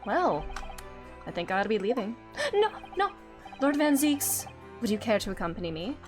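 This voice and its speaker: A woman's voice: a little high, big pitch swings, normal speed, music in the background, voice pushed down. A woman voicing a formal, cold aristocratic male lord in clipped tones. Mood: reserved. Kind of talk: reading game dialogue aloud.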